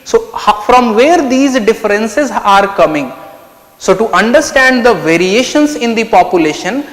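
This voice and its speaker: Male teacher, explanatory, high-pitched, echoey room. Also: lively intonation, unhurried. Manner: explanatory, asks and answers his own questions. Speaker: anthropology teacher. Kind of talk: online lecture.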